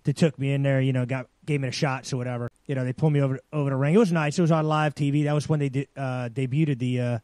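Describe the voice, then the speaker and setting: A man's voice: medium pitch, fairly even intonation, quick pace, hardly any pauses, a little mellow, no echo. A man hosting a live talk radio show, rambling and laughing often.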